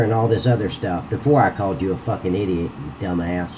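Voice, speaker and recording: A man's voice: low-pitched, fast talker, few pauses, mellow, dull audio, a little hiss or hum. A man livestreaming while he edits a game map, talking bluntly and cursing freely as he chats to viewers. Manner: blunt and profane, ranting at a critic. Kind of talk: live-stream chat while editing.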